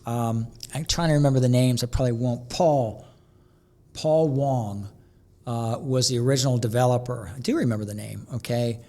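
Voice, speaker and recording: A man being interviewed as a guest, telling energetic stories and often restarting mid-sentence. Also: mid-range voice, moderate pace. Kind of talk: conversational interview storytelling.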